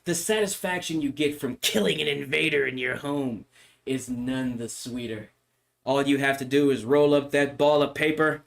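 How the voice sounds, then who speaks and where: A man, a streamer, chatting casually on a livestream in an animated, mock-solemn lecturing way. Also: mid-range voice, normal speed, creaky. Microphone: microphone.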